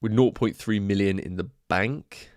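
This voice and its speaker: A man's voice: lowish voice, unhurried, darkish tone, dry recording, studio quality. A man with a congested nose, chatting casually to viewers on a livestream, thinking aloud as he goes. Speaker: fantasy football streamer. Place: home room.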